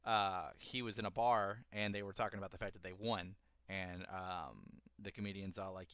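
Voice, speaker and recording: Rambling young man, bright voice. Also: sits low, fairly even intonation, moderate pace, hardly any pauses, no room sound, studio quality. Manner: rambling, laid-back, heavy on fillers and swearing. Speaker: podcast co-host. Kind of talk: casual chat.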